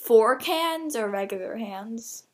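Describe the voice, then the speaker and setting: Giggly high-voiced young woman. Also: slow. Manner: giggly, animated, playful. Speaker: podcast co-host. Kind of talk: casual gaming chat. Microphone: phone mic.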